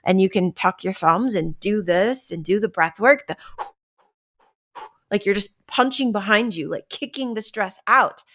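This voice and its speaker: A woman's voice: medium pitch, measured pace, a bit bright. A woman hosting a podcast in a casual, conversational way, acting out everyday stress scenes and often asking "right?". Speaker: podcast host. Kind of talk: casual wellness talk.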